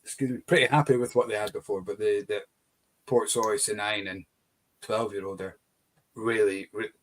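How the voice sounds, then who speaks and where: A man's voice: lowish voice, fairly even intonation, normal speed. A man co-hosts a casual live-stream chat. His talk is playful and full of jokes. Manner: jokey, playful banter.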